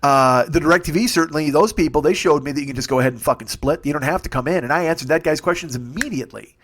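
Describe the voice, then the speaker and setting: A man in his forties rants through a solo comedy podcast from his home setup, swearing freely and jumping from one tangent to the next. He talks quickly, in a voice set a little higher than most men's. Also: a bit bright, a little hiss or hum. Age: 40s. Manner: profane, rambling rant. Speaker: podcast host. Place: home studio. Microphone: studio mic with earbuds.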